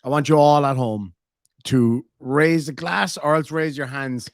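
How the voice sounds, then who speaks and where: A man's voice: fairly high pitch, unhurried, dry recording, studio quality. An Irish man hosting a reaction video, talking casually, bluntly and mockingly, and swearing freely. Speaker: host reacting to clips.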